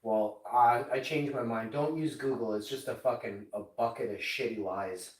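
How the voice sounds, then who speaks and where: A man's voice: mid-range voice, normal speed, roomy sound, far from the mic, low-quality recording. A man in his forties streaming live and chatting with an AI assistant in a profane, rambling, mocking way. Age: 40s. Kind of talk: casual chat with an AI assistant.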